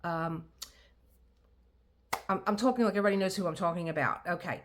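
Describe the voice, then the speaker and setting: This diamond painting vlogger is a middle-aged woman with a lowish voice who speaks briskly. As she crafts at home, she chats in a rambling way, often restarting sentences and using plenty of fillers and laughter.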